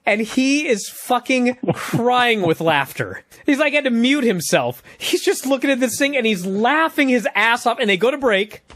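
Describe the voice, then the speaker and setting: A man's voice: extremely high pitch, no echo, studio quality. A man retelling a wrestling match as a comedic story, swearing freely and acting out what the wrestlers say. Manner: profane, lively play-by-play retelling with acted-out quotes.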